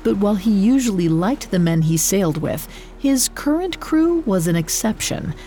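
A woman reading a scripted story in a measured, expressive narrating voice. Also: mid-range voice, faint music behind.

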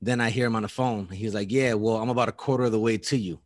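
Man, storyteller, excitable, acts out every quote, dry close mic. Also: on the low side, fast, dry recording. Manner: animated, acts out quotes, laughs often, swears. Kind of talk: casual storytelling chat.

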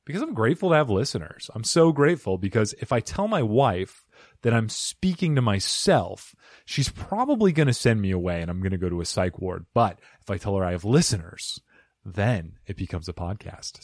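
A man's voice: on the low side, big pitch swings, moderate pace, no room sound, clean studio sound. A man hosting a comedy podcast, opening the show with a playful, goofy monologue. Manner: playful and goofy, swinging his voice up and down for jokes. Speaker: podcast host. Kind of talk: comedic solo podcast intro.

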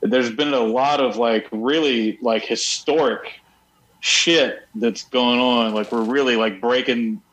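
A man chatting in a loose, rambling way about his band, dropping swear words and trailing off mid-thought. His voice sits at an ordinary middle pitch, and he talks like someone relaxed among friends. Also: slow pace, rough recording. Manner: rambling, laid-back, swears freely. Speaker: band member. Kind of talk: casual interview chat.

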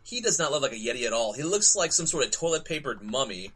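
A man co-hosting a podcast, recounting a story in an animated, amused way. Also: medium pitch, fast talker, breathy edge, soft background music. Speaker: podcast co-host. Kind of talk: casual chat.

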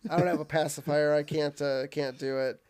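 A man with a fairly high voice co-hosts a casual podcast, recapping a cartoon episode. He talks loosely and laughs a lot, now and then acting out a line in a put-on voice. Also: steady tone, brisk, darkish tone, clean tone. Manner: laughs often, quotes characters in funny voices. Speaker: podcast co-host.

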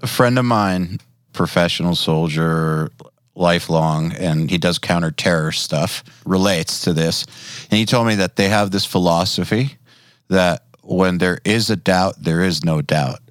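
A man hosting a casual conversation who offers measured, reflective comments. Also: sits low, no room sound, studio quality.

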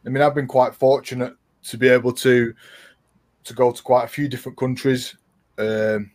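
Man, podcast co-host, relaxed, repeats himself, mid-pitched. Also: moderate pace. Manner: easygoing, repeats phrases. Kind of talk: casual chat.

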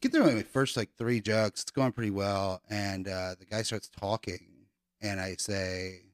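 A man's voice: on the low side, measured pace, clean tone, no echo, studio quality. A man, a guest comedian, chatting casually on a podcast, laughing often and rambling through a story with lots of fillers.

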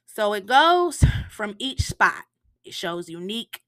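Animated woman recapping a TV episode. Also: mid-range voice, slow pace, dry recording, studio quality. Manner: animated and emotional, with slangy asides and cursing; acts out quotes from the show, sometimes in a hushed voice. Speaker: TV recap podcaster. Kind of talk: casual recap monologue.

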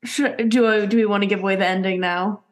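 A woman's voice: mid-range voice, fairly even intonation, fast. Female podcast guest, playful and chatty, tells bits with a laugh. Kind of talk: casual chat.

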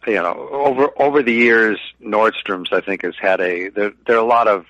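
A man's voice: fairly low pitch, moderate pace, fairly bright tone, no echo. Male radio guest on a dull line. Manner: earnest, repeats words when starting thoughts. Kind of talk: business radio interview.

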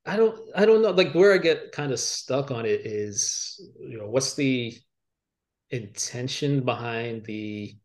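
A young adult man, an author guest on a podcast, talking in a reflective, halting way with many fillers and restarts. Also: medium pitch, expressive. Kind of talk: reflective interview talk. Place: podcast studio.

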